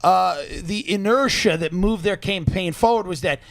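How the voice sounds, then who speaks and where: Man, high voice, sardonic ranting podcast host, dry close sound. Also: moderate pace, gravelly, a bit bright, no echo. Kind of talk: casual comedic chat. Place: outdoors by a lake.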